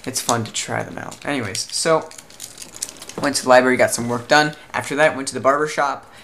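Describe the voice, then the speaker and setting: A young man from Southern California chatting casually to camera in a rambling, animated vlog about his day. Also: mid-range voice, a little fast, slight background noise. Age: young adult. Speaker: vlogger.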